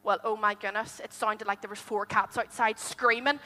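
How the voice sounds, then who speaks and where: A woman telling a story to a group of children, animated and asking them questions as she goes. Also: sits high, a little fast. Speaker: children's storyteller at a church holiday club. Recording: long hall reverb.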